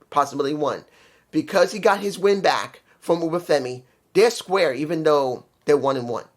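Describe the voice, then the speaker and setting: A man in his fifties giving a rambling, opinionated solo review and venting frustration in casual talk. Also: a little high. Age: 50s. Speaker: wrestling commentary vlogger.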